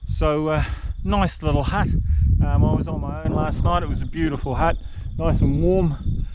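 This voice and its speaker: An older man, chatting casually as he films his solo hike on an action camera, relaxed and rambling with many fillers. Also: a little high, normal speed, muffled recording, very noisy. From New Zealand. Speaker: solo hiker vlogger. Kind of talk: casual outdoor vlog narration. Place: backcountry hut and deck outdoors.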